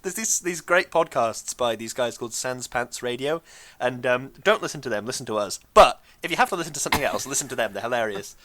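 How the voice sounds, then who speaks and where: A man's voice: medium pitch, expressive, quick pace, hardly any pauses, bright, forceful tone. A British man co-hosting a podcast, chatting casually with a dry, wry humour and frequent ums. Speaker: podcast co-host. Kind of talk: casual chat.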